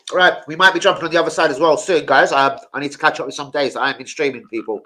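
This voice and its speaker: A man's voice: a little high, very fast, pushed and bright. A young man chatting casually about football as a streamer, slangy and sweary.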